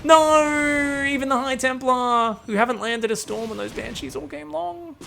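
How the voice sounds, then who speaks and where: A man's voice: very high voice, unhurried, gravelly, sharp tone, soft background music. A man streaming game commentary, rambling, joking and swearing freely.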